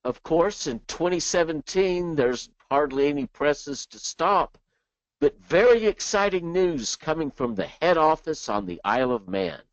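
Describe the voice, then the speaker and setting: A man presenting a software training webinar in a chatty way, dropping joking asides between explanations. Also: fairly high pitch, expressive, measured pace, dry recording. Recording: dull dry lo-fi sound.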